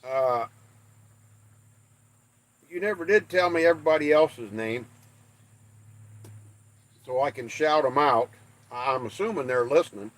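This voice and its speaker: Reading live chat out loud, this older Western American livestream host keeps things casual, folksy, and self-deprecating. He speaks in a mid-range, fairly bright voice at a measured pace, leaving long pauses, and the recording has no room sound.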